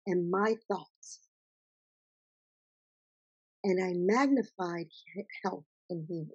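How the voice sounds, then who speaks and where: A woman author talking as an interview guest, telling her story in an emphatic, animated way. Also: fairly low pitch, slow, husky, dull audio. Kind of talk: conversational interview.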